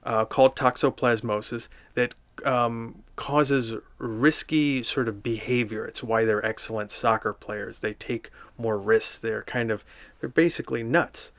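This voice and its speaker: Dry deadpan man reviewing a picture book. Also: mid-range voice, measured pace, no echo. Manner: dry, sardonic, rambling asides.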